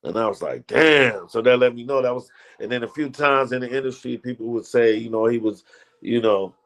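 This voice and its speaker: A man's voice: medium pitch, a little fast. A man telling rambling, slangy stories in a casual interview. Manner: loose, rambling, slangy storytelling with restarts. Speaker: comedian guest.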